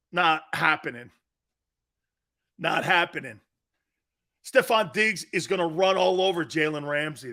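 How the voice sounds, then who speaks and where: A man's voice: on the high side, sharp tone. A man hosting a live sports talk show, brash and trash-talking, reading out listener comments and laughing often.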